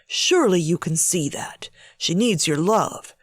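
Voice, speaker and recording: A woman voicing a weary husband who pleads in a low, hushed voice to protect a frightened little girl. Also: sing-song, a little slow, vocal fry, slightly rough, no echo, studio quality, heavily acted. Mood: hushed, pleading.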